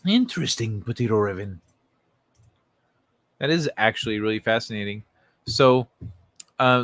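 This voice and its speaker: A man's voice: medium pitch, a bit bright, dry recording. A man from Central America hosting a livestream, chatting casually and laid-back with viewers, often chuckling and swearing. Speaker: livestream host.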